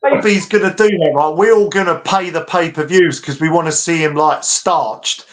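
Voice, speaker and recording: Ranting British man, higher voice. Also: moderate pace. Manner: ranting, animated, laughs often. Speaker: podcast co-host. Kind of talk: casual boxing chat.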